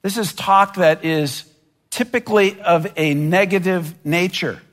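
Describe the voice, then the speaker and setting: High-voiced man preaching in a reverberant hall. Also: a little slow, a bit bright. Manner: earnest preaching, voicing imagined complaints with rising intensity. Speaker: pastor. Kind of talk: sermon.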